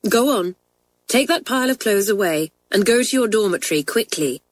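Brief: woman voicing a brisk, stern older schoolgirl, storybook read, dry sound. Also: medium pitch, lively intonation, no echo, close to an everyday voice. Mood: scolding. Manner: brisk, scolding.

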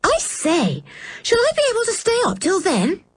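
A woman voicing an eager, excitable young girl in a storybook reading, squealing and breathless. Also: on the high side, normal speed, husky, dry recording, voice pushed up, full character voice.

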